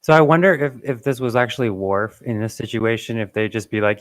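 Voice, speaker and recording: A man's voice: mid-range voice, brisk, no room sound. A man in a casual group watch-along chat who muses and asks questions aloud. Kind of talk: casual chat over a voice call.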